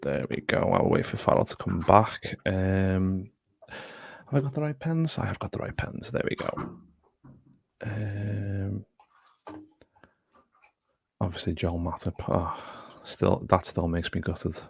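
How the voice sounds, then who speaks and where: A man's voice: sits low, slow pace, creaky, pauses often, slightly rough, no room sound. A man hosting a casual football podcast, rambling, swearing freely and talking to his live chat. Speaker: podcast host.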